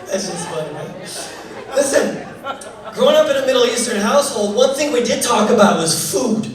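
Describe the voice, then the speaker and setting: A man in his thirties from Canada performing a stand-up comedy set, animated and joking, building to loud punchlines. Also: very high voice, normal speed, distant mic, crowd noise. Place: comedy club stage. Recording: echoey club recorded from afar.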